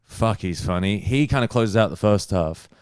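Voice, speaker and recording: A young man, a stand-up comedian, telling a story in casual chat, animated and swearing freely. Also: lowish voice, moderate pace, clean tone, dry recording, clean studio sound. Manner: animated, swears freely, acts out other people's lines.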